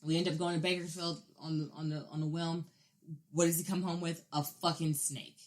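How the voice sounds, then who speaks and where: Woman cohost chatting, cussing, lively stories, kinda low pitched. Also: fairly quick, slight background noise. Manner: profane, animated storytelling. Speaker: podcast co-host. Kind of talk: casual chat.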